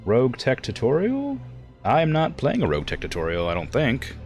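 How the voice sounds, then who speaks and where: A man's voice: mid-range voice, huge pitch swings, moderate pace, darkish tone, soft background music. A young man streaming a video game, chatting casually, thinking aloud and chuckling as he plays. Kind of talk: casual gameplay chat.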